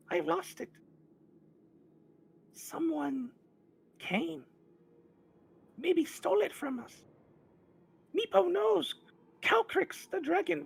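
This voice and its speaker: A man voicing a small tearful male kobold who keeps a dragon, speaking in a high, squeaky voice and broken phrases. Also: gravelly, exaggerated voice. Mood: pleading.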